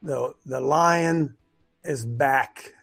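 A man hosting a casual livestream, rambling and excitable, stopping and restarting his sentences. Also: medium pitch, very slow, gravelly, husky, soft background music. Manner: rambling, excitable, self-interrupting. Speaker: host of a preparedness group show. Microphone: webcam on a wobbly stand.

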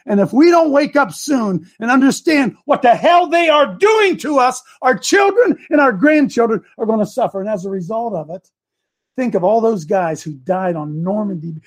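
A man giving a fiery political speech to a crowd, shouting rhetorical questions. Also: extremely high pitch, lively intonation, moderate pace. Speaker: speaker addressing a crowd.

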